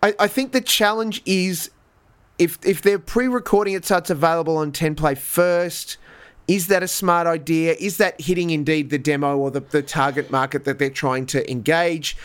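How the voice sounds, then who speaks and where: A man's voice: fairly high pitch, steady tone, moderate pace, clean tone. A man co-hosting a podcast, giving wry, thoughtful commentary in casual chat. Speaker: podcast co-host.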